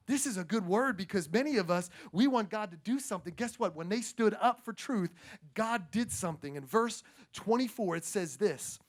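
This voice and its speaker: Pastor guy preaching, lots of repeating and calling out to the church, energetic. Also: sits high, normal speed. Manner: energetic, emphatic, repeats phrases and calls out to the congregation. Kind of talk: sermon.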